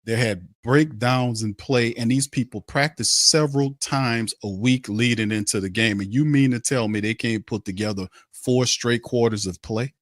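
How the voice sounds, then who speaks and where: Angry and mocking, a sports podcast host rants over and over about his team and its players. The medium-pitched voice moves at a moderate pace, captured cleanly in a studio with no room sound.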